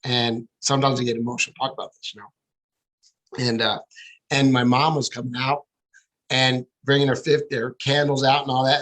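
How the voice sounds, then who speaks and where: A middle-aged man, a guest, telling a personal story with lively acted-out dialogue. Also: mid-range voice, rough recording. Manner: animated, acts out quoted dialogue. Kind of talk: storytelling interview.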